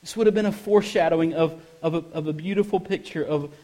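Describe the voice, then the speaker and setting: Speaking fast, a man preaches a sermon and reads scripture as pastor at a church service. He moves between quiet, low asides and loud emphatic passages, using repeated phrases for emphasis.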